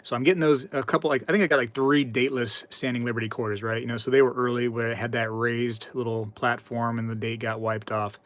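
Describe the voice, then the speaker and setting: A man chatting on a live stream at a middle pitch, talking loosely and repeating his words as he reads the chat and tells a story. His voice is close and dry, with no room sound around it. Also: a bit bright, no room sound. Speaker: livestream host.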